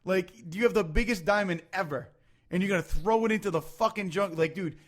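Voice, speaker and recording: Animated swearing man, casual podcast. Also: high-pitched, a little fast. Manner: animated, swearing, laughing often. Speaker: podcast co-host. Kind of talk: casual chat about movies.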